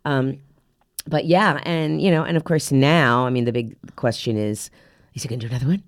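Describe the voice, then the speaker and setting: A middle-aged woman, a character actress, talking casually as a podcast guest, chatty and halting with many restarts. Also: a bass voice, no echo, studio quality.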